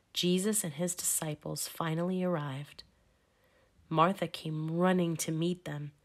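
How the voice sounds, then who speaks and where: Slow, low-voiced woman reading a storybook. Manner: slow, expressive, emphatic. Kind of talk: children's storybook read-aloud.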